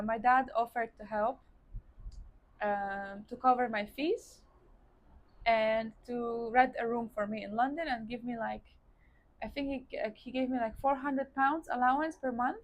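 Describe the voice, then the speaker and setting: A woman from Poland with a Polish accent, telling her personal story to viewers in a casual, chatty way while eating on camera. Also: on the high side. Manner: chatty, addresses viewers as guys, frequent likes. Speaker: vlogger. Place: indoors, seated eating on camera.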